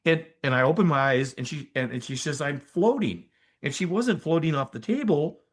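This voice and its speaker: An older man, a physician and energy healer, telling a story as a podcast guest in an animated, emphatic way with asides to the listener. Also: fairly high pitch, normal speed. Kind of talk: conversational storytelling in an interview.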